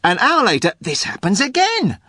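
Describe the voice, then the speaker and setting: Animated man telling a joke. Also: high-pitched, normal speed, no room sound, clean studio sound. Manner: storytelling with playful voices. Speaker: podcast producer telling jokes.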